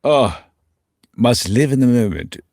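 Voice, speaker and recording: A man voicing a dazed man about to turn into a mutant, with a slow, drawn-out, wistful delivery. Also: mid-range voice, lively intonation, vocal fry, a little mellow, no room sound, studio quality.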